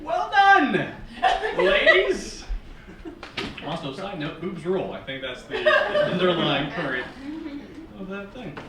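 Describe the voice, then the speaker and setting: A man in his thirties from Northern Virginia performing a stand-up comedy set in a wry, sarcastic, animated way, recorded from a distance on a small theater stage. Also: a little high, moderate pace, very noisy. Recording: echoey theater from far off. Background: live audience laughing.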